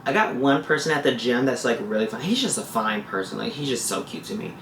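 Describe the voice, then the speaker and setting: A woman's voice: extremely low pitch, animated, a little fast. A woman talking straight to her viewers in a casual, rambling vlog, often repeating her own phrases. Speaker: vlogger. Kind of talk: casual confessional vlog talk. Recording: echoey room with faint hiss.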